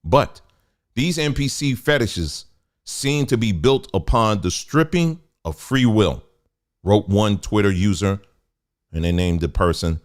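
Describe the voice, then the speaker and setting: Low-voiced man reading with heated asides. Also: expressive, measured pace. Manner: conversational, stops to add remarks, gets heated. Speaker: commentary host. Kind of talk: reading an article aloud with commentary.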